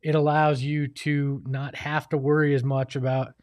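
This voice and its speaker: A man's voice: fairly high pitch, level tone, normal speed, darkish tone, no room sound, clean studio sound. A young man co-hosting a casual sports podcast, self-deprecating and rambling, often restarting his sentences.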